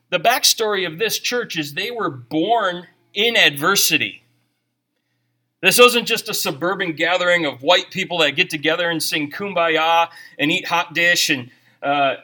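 A man's voice: a little high, measured pace, bright, forceful tone. A middle-aged man preaching a sermon, mixing jokes with scripture reading in a conversational way. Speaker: pastor.

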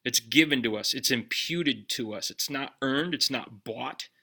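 A man preaching a sermon in a conversational way, putting direct questions to his listeners and dropping his voice low on key lines. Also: unhurried, bright, forceful tone, husky. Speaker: pastor.

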